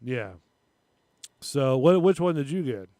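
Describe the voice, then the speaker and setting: A man hosts a loose live-stream chat show and rambles through his stories, doing quick voices for the people in them. His voice sits at an ordinary middle pitch. It is recorded close and dry. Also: lively intonation, dark tone, no echo. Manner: rambling, retells phone calls with voices. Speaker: show host.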